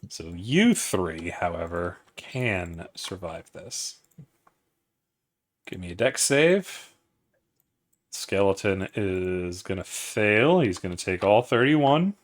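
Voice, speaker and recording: Slow, low-voiced male game master. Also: sing-song. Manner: measured, matter-of-fact, profane. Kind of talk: narrating a tabletop game.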